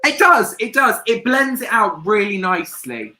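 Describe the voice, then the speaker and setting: A young woman hosting a live makeup tutorial, bubbly and excitable, chanting catchphrases to her viewers. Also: medium pitch, normal speed. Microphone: webcam on a livestream.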